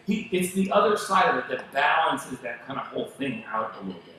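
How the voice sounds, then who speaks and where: A male pastor preaching a sermon, telling stories in an animated way and acting out the voices of the people he quotes. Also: mid-range voice, brisk, few pauses, heavy reverb, a little hiss or hum, poor audio. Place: church sanctuary.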